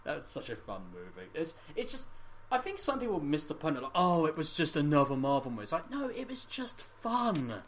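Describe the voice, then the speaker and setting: A man's voice: a little high, huge pitch swings, brisk, a bit bright. A man co-hosting a casual podcast chat, enthusiastic, laughing often and chiming in with agreement. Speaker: podcast co-host.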